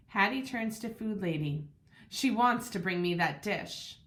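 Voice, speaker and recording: A woman narrating a children's storybook in first person with an expressive, lively delivery. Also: medium pitch, takes it slowly. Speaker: audiobook narrator.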